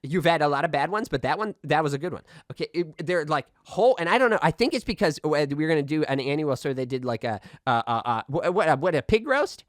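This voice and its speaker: A man's voice: on the high side, expressive, quick pace, hardly any pauses, no room sound, lightly acted. A man plays a boastful radio host who rambles and keeps demanding "okay?" as he tells his tale. He stays defensive whenever he is questioned. The recording is dry and close. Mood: rambling. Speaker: radio call-in show host. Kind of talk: comedic audio drama.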